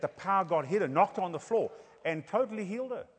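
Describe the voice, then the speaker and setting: A man preaching a sermon, telling healing stories and building to loud, fervent exclamations. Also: fairly high pitch, lively intonation, fast, breathy edge, in a large hall. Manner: storytelling, rising to loud exclamations.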